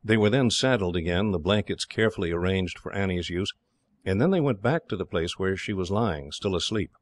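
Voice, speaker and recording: Man, audiobook narrator, very low voice, measured storytelling, dry close recording. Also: expressive, no room sound. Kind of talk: scripted narration.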